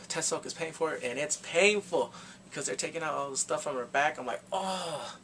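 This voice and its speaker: This is a young man with a voice a touch higher than most men's. He retells a story in a loose, chatty vlog style. He is expressive and theatrical, and he throws in exclamations as he goes. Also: fairly quick, a little hiss or hum. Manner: animated, dramatic storytelling with exclamations. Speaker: drama reviewer. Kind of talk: casual recap vlog.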